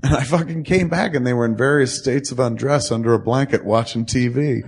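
A man in his forties telling a profane, animated story in casual chat, acting out the quotes. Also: medium pitch, brisk, husky. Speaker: podcast co-host.

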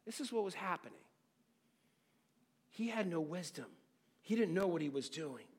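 Speaking at normal speed with a breathy edge, a high-voiced pastor gives an expository sermon full of wide, lively pitch swings. Dramatically, he alternates loud exclamations with almost whispered phrases and poses rhetorical questions to his listeners. The sound has a long reverb like a big hall.

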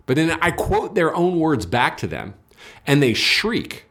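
A man's voice: fairly high pitch, very animated, a little slow, a bit bright. A man, the guest in a casual political conversation, talking emphatically and argumentatively, often repeating words as he builds his points. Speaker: interview guest.

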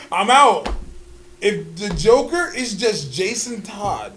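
A man co-hosting a casual chat, talking in an animated, profane, opinionated way and laughing often. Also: sits high, drawn-out words, a little hiss or hum.

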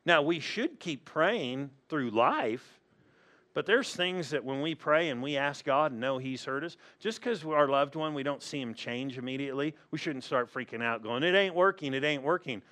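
A man's voice: medium pitch, moderate pace, sharp tone. A male pastor preaching a sermon in a humorous, storytelling way, acting out the people in his stories.

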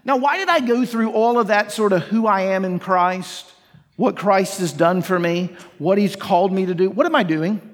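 A male pastor with a notably high voice delivers an earnest sermon, firing rhetorical questions at his listeners and slipping into imagined inner voices. His words ring out with a long reverb through a church hall. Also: moderate pace. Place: church sanctuary.

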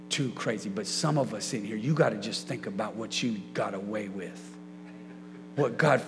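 A man's voice: medium pitch, big-room sound, noisy background. A man preaching a sermon as a pastor in a church, emphatic and repetitive, leading the congregation in call-and-response. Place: church sanctuary.

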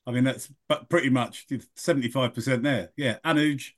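A man's voice: medium pitch, moderate pace. A middle-aged man, a podcast guest, telling a rambling story and correcting himself as he goes. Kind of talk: casual podcast chat.

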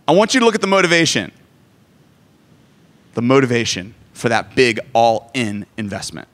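A man's voice: medium pitch, very animated, normal speed, fairly bright tone. A man in his forties preaching a sermon, joking and self-deprecating as he talks. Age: 40s. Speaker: pastor.

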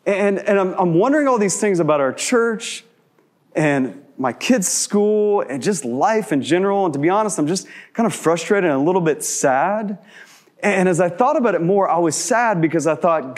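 A man in his thirties preaching a sermon in a conversational way, asking many rhetorical questions and dropping to slow, hushed emphasis on key words. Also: on the high side, expressive. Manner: shifts between quick asides and slow, hushed emphasis. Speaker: pastor.

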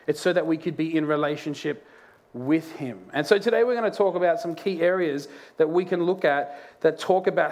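A man preaching a sermon in a church, a lively storyteller who laughs through his anecdotes. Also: fairly high pitch. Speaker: pastor. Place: church auditorium.

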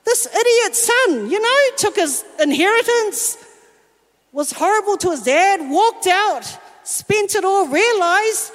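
High-voiced woman preaching in a hall. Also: slow pace. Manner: lively storyteller acting out quoted voices. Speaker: worship singer and speaker. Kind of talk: personal testimony sermon. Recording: long reverb of a large hall.

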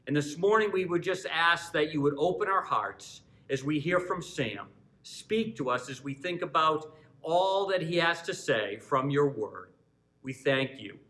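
Bright-voiced pastor leading prayer. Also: male voice, fairly high pitch, lively intonation, measured pace, low-quality recording. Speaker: church pastor introducing a video message. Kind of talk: church announcements and prayer.

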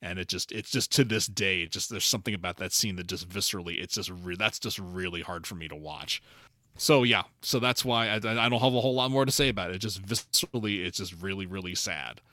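A man's voice: low-pitched, quick pace, pushed and bright, dry recording, studio quality. A man co-hosting a podcast in casual chat, often repeating words and restarting his sentences. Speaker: podcast co-host.

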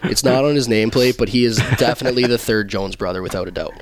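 A man's voice: mid-range voice, fast, a little hiss or hum. A young man and pro hockey player telling easygoing, rambling stories as a podcast guest, full of fillers. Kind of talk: casual podcast chat.

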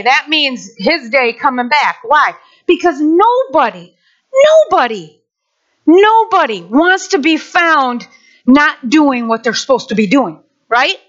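Lively high-voiced woman pastor preaching. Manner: animated, acts out quick voices. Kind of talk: sermon. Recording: dull lo-fi sound.

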